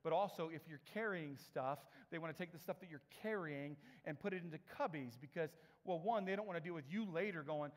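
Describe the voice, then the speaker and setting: Man speaker, animated storyteller, slightly high voice, long hall reverb. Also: fast. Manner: animated, laughing asides, lively impressions. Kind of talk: storytelling talk.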